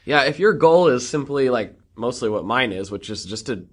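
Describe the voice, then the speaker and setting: A man co-hosting a podcast, chatty and joking as he talks, quick to laugh. His voice sits at an average pitch for a man. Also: lively intonation, a bit bright, slightly rough. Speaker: podcast co-host. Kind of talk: casual chat.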